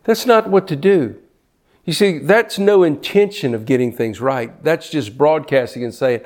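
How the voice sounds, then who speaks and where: A man's voice: on the high side, a little slow. An older man preaching a sermon, fervent, often repeating words as he builds to a point. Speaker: pastor.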